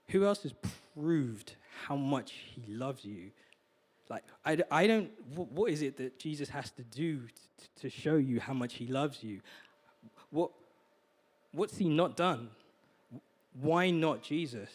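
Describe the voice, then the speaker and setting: A man of medium pitch and somewhat dark tone preaches a sermon as a guest speaker. He comes across as earnest, heartfelt and confessional, frequently stumbling and repeating words.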